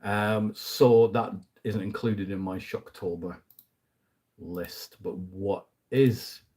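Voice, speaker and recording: A man talks casually about films he has been watching, wandering into asides and chuckling lightly mid-sentence. His voice sits a little low, with a mellow, husky tone. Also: fairly even intonation, slow. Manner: chatty and rambling, with frequent asides and fillers. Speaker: movie review host. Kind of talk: casual movie review chat.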